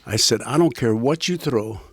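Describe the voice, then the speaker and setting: A man's voice: medium pitch, normal speed, husky, no room sound, clean studio sound. An older man, a former catcher and broadcaster, telling rambling baseball anecdotes with punchlines to a small audience. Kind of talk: casual storytelling to a small audience.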